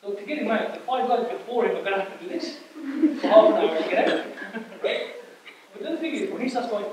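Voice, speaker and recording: Quick high-voiced man, echoey hall. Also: lively intonation, a loud crowd. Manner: storytelling, asks the audience questions, laughs often. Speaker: camp speaker. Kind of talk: lively talk to a youth audience. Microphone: distant microphone. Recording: echoey hall from far off, noisy.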